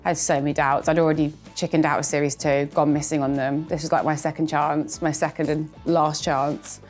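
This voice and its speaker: Woman, thirties, chatty and self-mocking, slightly low voice, faint music behind. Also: little pitch movement, a little fast, a little mellow. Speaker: reality TV star. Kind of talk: reacting to old clips, casual chat.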